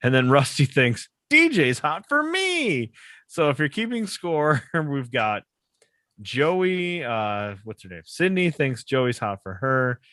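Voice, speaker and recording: A man's voice: mid-range voice, big pitch swings, slow pace, a bit bright, no room sound. A man co-hosting a podcast, casually retelling a sitcom plot, often laughing and acting out the characters' lines. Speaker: podcast co-host. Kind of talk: casual chat recapping a sitcom episode. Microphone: podcast microphone.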